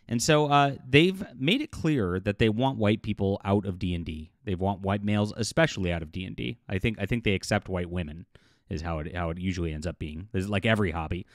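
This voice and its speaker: A man giving casual, scornful commentary for his video channel, laughing often and filling pauses with "uh". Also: on the low side, no room sound, studio quality. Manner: scornful, mocking, laughs often, many fillers. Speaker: YouTube commentator.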